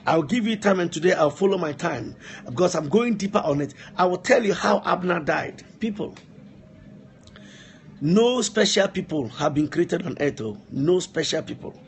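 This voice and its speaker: A man's voice: sits high, animated, moderate pace, slight background noise. A man preaching a live-streamed sermon, repeating phrases for emphasis and breaking off to speak to helpers. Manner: repetitive, emphatic exhortation, asides to helpers.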